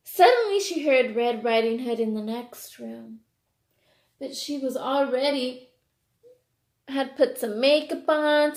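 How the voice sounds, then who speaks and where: A high-voiced woman reads a picture book aloud at a slow, careful pace, expressive and pausing to ask her young listeners questions. Her voice bounces around an echoey room. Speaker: reader to children.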